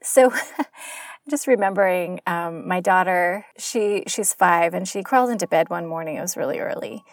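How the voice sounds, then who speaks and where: A woman host in a casual conversation, telling stories with lively energy, laughing often and acting out voices as she recounts dialogue. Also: lowish voice, moderate pace, no echo. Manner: animated storyteller, laughs often, acts out her child's voice.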